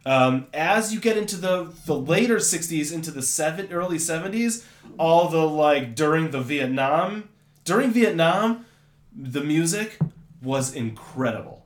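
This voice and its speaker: A man's voice: on the high side, animated, unhurried. Rambling opinionated man in an echoey room. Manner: rambling, opinionated, trails off searching for names. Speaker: podcast co-host. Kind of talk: casual chat.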